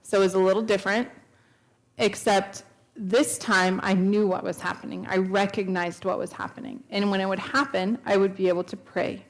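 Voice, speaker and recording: With a level tone, medium pitch, and moderate pace, a woman in her thirties tells her personal testimony to a church sanctuary. Her delivery is earnest and story-driven, and she acts out the words of those she quotes.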